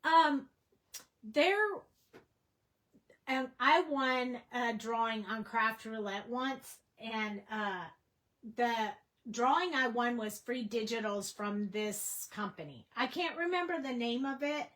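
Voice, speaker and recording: On a low-quality livestream recording, a craft instructor with a slightly high, somewhat bright voice casually teaches a coloring tutorial. She goes slowly, chatty and rambling, with plenty of filler words.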